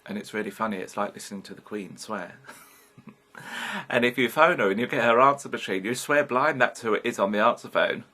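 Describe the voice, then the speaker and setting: Here the British vlogger in his fifties uses a lowish, fairly quick voice with a sharp edge. He speaks openly and wanders from point to point in his personal vlog, cursing casually as he goes.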